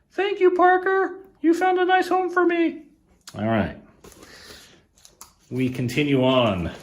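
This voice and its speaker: A man's voice: fairly low pitch, slight background noise. A man hosting a casual unboxing video, chatting enthusiastically about records with frequent fillers. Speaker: podcast host and record collector. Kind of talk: casual unboxing chat to camera. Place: indoors in Australia.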